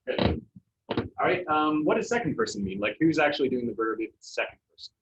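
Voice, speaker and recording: A man teaching a Spanish class, relaxed and jokey, with many fillers. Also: on the high side, fairly quick, background noise. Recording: roomy, distant, muffled classroom sound.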